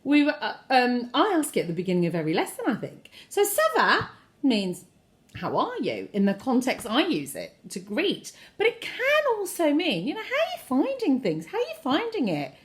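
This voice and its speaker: A woman leads a French lesson for children, modelling words and pausing for the listener to repeat them. Her pitch leaps around very expressively as she acts out different intonations. She praises each attempt warmly and brightly. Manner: encouraging, repeats phrases for the listener to echo; very animated pitch, plays with intonation. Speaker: French teacher.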